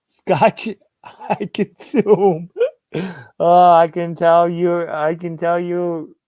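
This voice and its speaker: A man's voice: mid-range voice, gravelly, darkish tone, no room sound. A man hosting a casual sports livestream, reading viewer comments aloud, laughing often and restarting his phrases. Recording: dull lo-fi sound.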